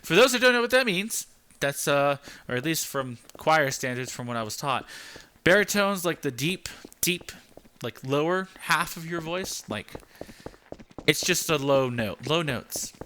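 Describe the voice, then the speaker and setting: A young man giving casual gameplay commentary, rambling with lots of fillers and keeping his voice deliberately high. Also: animated, bright, forceful tone. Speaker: game channel host.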